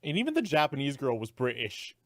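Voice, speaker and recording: A man co-hosting a let's play with sarcastic, excitable commentary and swearing. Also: mid-range voice, fairly quick. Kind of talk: casual gameplay commentary.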